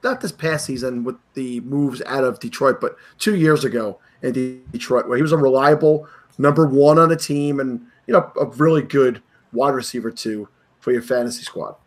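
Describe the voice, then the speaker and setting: A man's voice: mid-range voice, normal speed. A man hosting a casual sports podcast, opinionated and emphatic. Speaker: podcast host. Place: New York.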